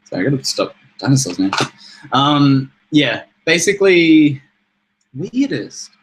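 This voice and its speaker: A man's voice: on the high side, sing-song, slow pace, low-quality recording. A young man co-hosting a casual chat show, laid-back, laughing often and swearing freely. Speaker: podcast co-host.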